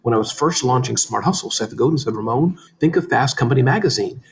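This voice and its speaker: A man speaking as a guest in a casual interview, animated and talking quickly, sometimes slurring words. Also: mid-range voice, vocal fry. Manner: fast, animated, says he talks too fast. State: tearing up, emotional. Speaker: podcast guest, business founder.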